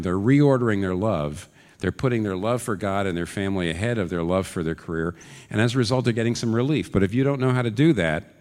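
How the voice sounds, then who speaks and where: A pastor preaches a sermon earnestly, his lowish, slightly mellow voice climbing into urgent questions. The recording carries the long reverb of a large hall.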